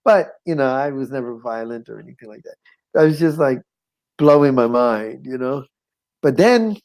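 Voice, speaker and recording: A middle-aged man recounting a personal testimony as a guest, his voice sitting at an ordinary mid pitch. He talks in a loose, conversational way, tossing in "you know what I'm saying". He slips into the voices of the people he quotes and chuckles as he goes. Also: poor audio. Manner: animated, acts out quoted voices, chuckles often. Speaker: guest sharing his life story.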